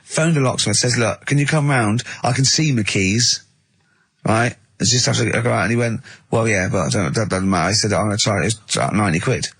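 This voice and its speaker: Husky-voiced Englishman telling radio anecdotes. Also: on the low side, brisk, dry recording. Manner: animated anecdotes, mimics people he quotes. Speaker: radio co-host. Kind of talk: casual radio banter, storytelling. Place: radio studio.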